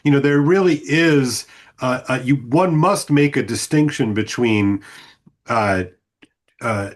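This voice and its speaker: Man, teacher, podcast guest, reflective, lecturing, halting restarts, mid-pitched voice, video call. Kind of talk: casual discussion on a video call.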